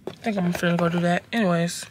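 A young woman vlogging from her car, chatting casually to her phone camera in a slangy, expressive way, swearing freely. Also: lowish voice, quick pace, background noise. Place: inside a car, on the road.

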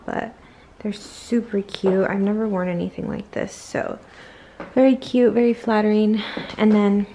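A woman's voice: mid-range voice, vocal fry, darkish tone, slight background noise. A young woman in her twenties chatting casually to the camera at home, rambling with lots of fillers. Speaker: vlogger. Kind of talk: casual vlog chat. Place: home, bedroom.

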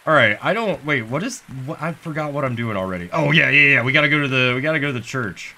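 Speaking at a quick pace with a medium-pitched voice, this man provides let's-play commentary as a comedic gaming host. He plays the fool, throws out sarcasm and curses, and gets worked up over the game.

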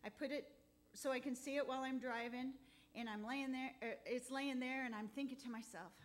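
A woman's voice: sits high, slight background noise. Heartfelt woman giving church testimony. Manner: heartfelt, halting, near tears. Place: church sanctuary.

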